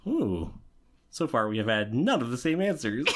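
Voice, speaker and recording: A man's voice: mid-range voice, sing-song, normal speed, heavy background noise. A man co-hosting a podcast in casual chat, reading out quiz questions and laughing often. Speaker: podcast co-host.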